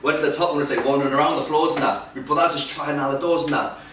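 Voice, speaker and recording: A man telling sweary, animated stories as a podcast co-host. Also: a little high, fast talker, a little hiss or hum. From England. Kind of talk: casual storytelling chat. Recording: echoey room, mic at a distance.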